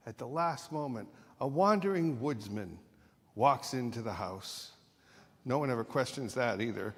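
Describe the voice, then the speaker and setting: A male minister telling a playful story in a sermon, often correcting himself along the way. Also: mid-range voice. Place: church sanctuary. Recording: long reverb of a church hall.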